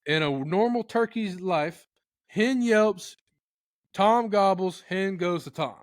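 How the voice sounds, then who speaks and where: Taking it slowly in a high-sitting voice, a guest expert teaches turkey calling in a casual, animated how-to talk, occasionally mimicking turkeys in funny voices. The recording is studio quality with no echo.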